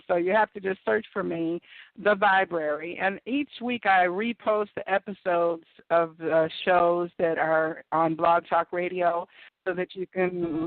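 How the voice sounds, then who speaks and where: A woman's voice: fairly low pitch, no room sound. A woman hosting an internet radio show, chatting casually and laughing at her own stories. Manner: chatty, laughing, self-deprecating. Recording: tinny phone-line audio.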